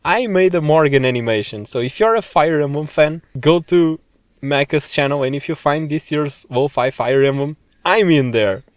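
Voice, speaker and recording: A man's voice: on the high side, moderate pace, no room sound. A man co-hosting a podcast in casual chat, joking and self-deprecating. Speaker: podcast co-host.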